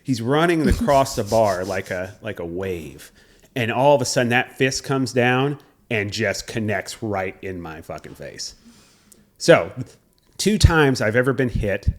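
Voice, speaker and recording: Low-voiced man telling a rowdy story. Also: unhurried. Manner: animated storyteller who swears freely and acts out quotes. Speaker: podcast co-host. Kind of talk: casual storytelling chat.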